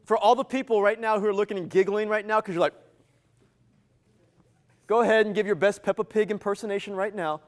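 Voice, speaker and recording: Male motivational speaker with a high voice, working a live crowd playfully. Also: brisk, pauses often. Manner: energetic, playful, teasing the audience. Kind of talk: interactive live keynote. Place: event venue with a live audience.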